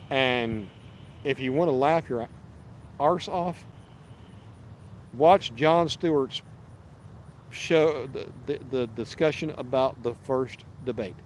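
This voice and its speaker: A man's voice: medium pitch, slight background noise. A man, hosting a fishing livestream outdoors and chatting casually, rambling and restarting as he reads viewer messages. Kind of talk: casual live-stream chat. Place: outdoors at a park lake.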